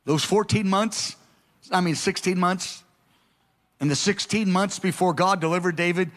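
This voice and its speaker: High-voiced impassioned male preacher. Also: steady tone, moderate pace. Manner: impassioned, swinging from loud urgings to soft prayer. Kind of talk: sermon.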